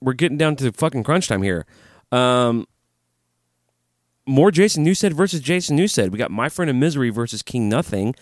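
A man co-hosting a metal podcast in casual chat, excitable, laughing often and swearing casually. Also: mid-range voice, normal speed, dry recording, studio quality. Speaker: podcast co-host.

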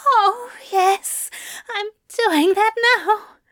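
A woman's voice: very high voice, very slow, a bit bright, voice pushed up, heavily acted. A woman voicing a flustered, desperate male angel who pleads and whimpers breathlessly.

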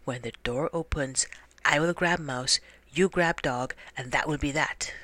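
A woman's voice: sits low, measured pace, a bit bright, no room sound. A woman voicing a sly, scheming male cat in a storybook reading. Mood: whispering. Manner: smooth, conspiratorial, drops to a whisper when plotting.

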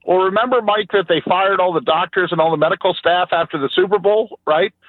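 A man's voice: high-pitched, brisk, no room sound. A man calling in as a regular guest on a sports radio show, talking bluntly and emphatically in rambling runs. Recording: phone-line call-in.

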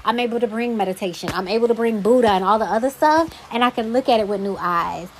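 A young woman hosts her own podcast and chats on her own in a fairly high voice. She talks emphatically, with exasperated asides. A faint hum of noise sits behind her. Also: fast, poor audio. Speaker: podcast host. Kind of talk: casual solo podcast monologue.

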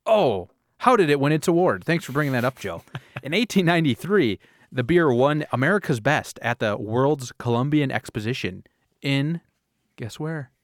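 A man's voice: medium pitch, expressive, moderate pace, no echo, studio quality. A man hosting a casual comedic podcast. He rambles through a story, fumbling his words and laughing at himself. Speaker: podcast host.

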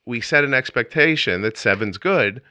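A middle-aged man hosts a podcast interview, chatty and enthusiastic with rambling asides. His medium-pitched voice is expressive and sharp-toned at a moderate pace, and the recording is dry, dull, and lo-fi with no echo.

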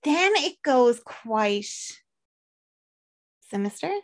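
A young Irish woman co-hosts a podcast, casually recapping a film as an animated storyteller who acts out characters' lines and swears freely. Her voice is fairly high and she draws out her words.

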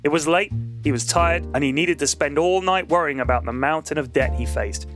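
A man's voice: on the high side, normal speed, fairly bright tone, faint music behind. Man animatedly reading a comic story. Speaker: podcast co-host.

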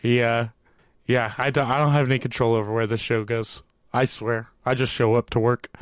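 A man's voice: mid-range voice, flat delivery, fairly quick, clean tone, no room sound, clean studio sound. A man hosting a comedy show in casual chat, teasing and laughing often. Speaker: host.

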